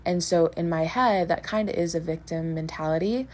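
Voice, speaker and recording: Woman co-host, low-ish voice, calm and thoughtful, casual talk. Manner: thoughtful, measured explaining. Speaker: podcast co-host. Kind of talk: casual reflective chat.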